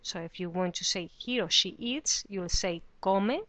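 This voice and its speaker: Slow, careful woman teacher. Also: medium pitch, a bit bright, no room sound. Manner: deliberate, careful pronunciation of example words. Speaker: Spanish teacher. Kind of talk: slow, clear teaching explanation.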